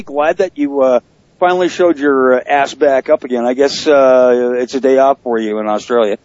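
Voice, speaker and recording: A man's voice: mid-range voice, moderate pace, a little mellow, muffled recording. A man hosting a casual wrestling podcast, brash and profane, teasing his co-hosts. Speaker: podcast host.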